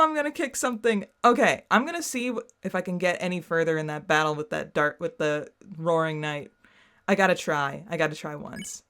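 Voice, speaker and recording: A young woman with a low, slightly bright, clean voice plays a video game for her channel at a moderate pace. In this let's play commentary she gets exasperated with herself, scolding herself in outbursts and rambling through theories.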